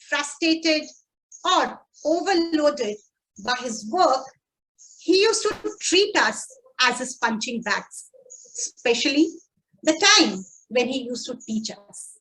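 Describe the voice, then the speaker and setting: A woman giving a prepared speech at a speaking club, slow and deliberate with dramatic pauses. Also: sits high, a bit bright, rough recording.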